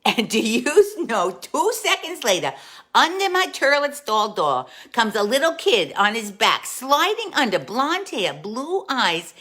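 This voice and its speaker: A woman playing a warm, gossipy aunt who hosts a live stream, chatting to viewers and calling them dolls. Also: fairly high pitch, sing-song, measured pace, heavily acted. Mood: chatty storytelling. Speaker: comic host. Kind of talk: live-stream storytelling in character.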